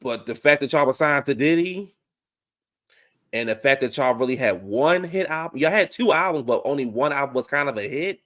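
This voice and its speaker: A man rants bluntly and drives each point home by repeating it. His pitch is middle and his tone conversational. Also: lively intonation, moderate pace, fairly bright tone. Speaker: podcast co-host. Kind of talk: casual commentary chat.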